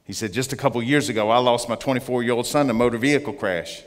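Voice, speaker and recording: A man giving an earnest testimony as a guest speaker in church, slowing down to stress his points. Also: mid-range voice. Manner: earnest storytelling, slowing for emphasis. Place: church sanctuary. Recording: long church reverb.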